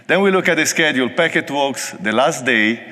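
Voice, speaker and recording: An Italian-accented man gives a technical talk in a large conference hall, and his voice carries a long, echoing reverb. He speaks with a bright, forward tone and keeps things casual and joking. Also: mid-range voice, expressive, fairly quick. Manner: joking, conversational. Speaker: conference presenter.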